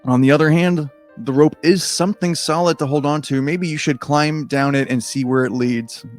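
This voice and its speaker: A man's voice: on the high side, steady tone, normal speed, soft background music. A man reading a choose-your-own-adventure book aloud in a casual, comedic way, with rambling, self-deprecating asides and frequent swearing.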